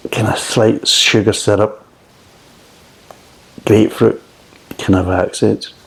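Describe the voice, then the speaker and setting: A man's voice: lowish voice, gravelly, rough recording. A middle-aged man with a Scottish accent reviewing beer in a blunt, grumbling way and swearing often.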